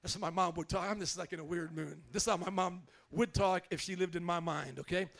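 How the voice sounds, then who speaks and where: A man preaching from the pulpit in a strikingly high voice. He drives his points hard, rising to shouts as he presses the congregation. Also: steady tone, a little fast, creaky, hardly any pauses. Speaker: pastor. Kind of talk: sermon.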